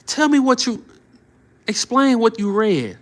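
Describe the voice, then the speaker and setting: A man's voice: very high-pitched, very animated, unhurried. A man commenting on the news on a live stream, heated and preachy, who often repeats short phrases for emphasis.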